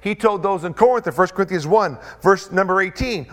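A male pastor preaching a sermon with an emphatic, repetitive cadence and dramatic pauses. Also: sits high, fairly bright tone.

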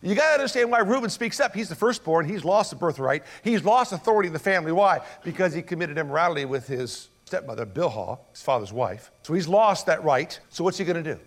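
Dramatic storytelling preacher, fairly high voice. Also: male voice, lively intonation, fast talker, few pauses. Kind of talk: sermon.

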